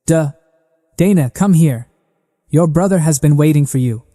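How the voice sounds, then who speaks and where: A man's voice: fairly high pitch, normal speed, warm tone, in a large hall, lightly acted. A man voicing a hot-headed boy who is a protective older brother, speaking harshly. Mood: sulky. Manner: harsh, accusing.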